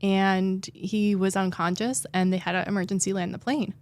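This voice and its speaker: A woman's voice: medium pitch, flat delivery, moderate pace, darkish tone, dry recording. A young adult woman, a therapist and guest, telling a personal story in a heartfelt way, sometimes tearful and full of "like" fillers. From New Jersey.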